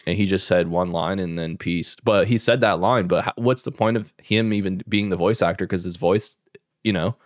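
A man's voice: sits low, moderate pace, no room sound. Joking skeptical young man, dry close mic. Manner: joking, skeptical banter with mock outrage. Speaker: podcast co-host. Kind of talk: casual chat.

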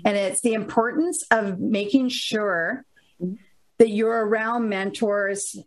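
A woman's voice: medium pitch, takes it slowly, low-quality recording. A woman co-host and trainer explaining a point in an encouraging way during a casual chat.

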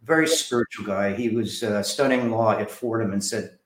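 A man's voice: fairly low pitch, moderate pace, echoey room. A man from New Jersey, an author and director, telling stories from his life in an interview and acting out the people in them. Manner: animated storyteller who acts out quoted voices. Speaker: author and film director, guest. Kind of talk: storytelling interview.

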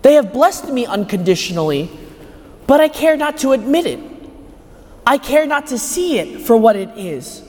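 Preacher with a high, emphatic voice. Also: male voice, sing-song, moderate pace, darkish tone. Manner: emphatic, rhetorical questions. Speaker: homilist at Mass. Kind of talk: sermon. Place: large church. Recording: echoey church hall.

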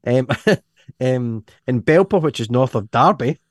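A man's voice: medium pitch, expressive, slow pace, noisy background. A Scottish man hosting a casual podcast chat, rambling and chuckling as he reads items out. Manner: rambling, chuckling, self-interrupting. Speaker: podcast host.

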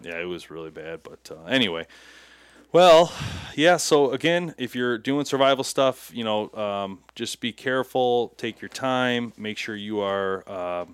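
A man's voice: mid-range voice, animated, measured pace, clear, resonant tone, dry recording. A man co-hosting a podcast, telling funny stories in casual chat and laughing through them. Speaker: podcast co-host.

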